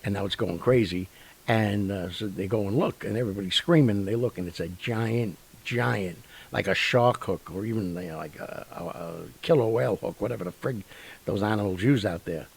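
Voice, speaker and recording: Gravelly-voiced man telling rambling stories. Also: lowish voice, brisk, poor audio. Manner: rambling, animated, with many fillers and sound effects. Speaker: radio show host. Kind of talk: casual storytelling monologue.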